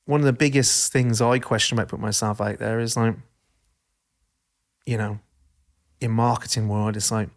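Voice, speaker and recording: A man hosting a podcast in casual chat, talking in an animated, passionate way. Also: on the low side, moderate pace, long pauses. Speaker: podcast host.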